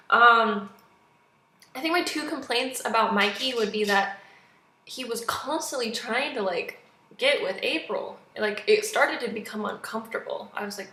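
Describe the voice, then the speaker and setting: A woman's voice: mid-range voice, normal speed, vocal fry. Chatty young woman reviewing a movie. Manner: chatty, animated, acts out quotes. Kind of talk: casual movie review vlog. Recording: echoey room.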